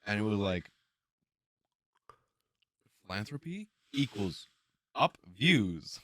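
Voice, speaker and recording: A man's voice: on the low side, big pitch swings, slow, sharp tone, no room sound. A young man co-hosting a podcast in casual chat, loose and laughing, with lots of "like". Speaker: podcast co-host.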